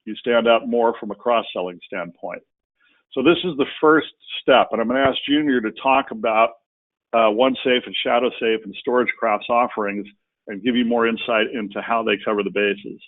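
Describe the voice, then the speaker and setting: A man's voice: medium pitch, normal speed. A man giving a business webinar talk in a conversational, folksy way, with casual asides. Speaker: presenter. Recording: tinny phone-like audio.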